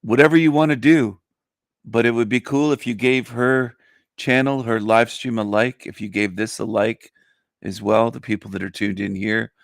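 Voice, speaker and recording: A man's voice: mid-range voice, steady tone, normal speed, no echo, studio quality. A man hosting a casual livestream, boastful and mocking, stretching out words for emphasis, his voice groggy after a nap. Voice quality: gravelly. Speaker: livestream host.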